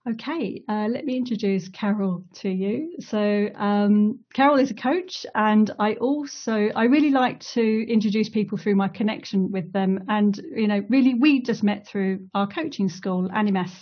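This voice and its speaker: A woman's voice: medium pitch, normal speed, few pauses, lo-fi sound. Chatty woman hosting a call. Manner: chatty, relaxed, filler-heavy and welcoming. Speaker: coach and community host. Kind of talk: casual hosted online conversation.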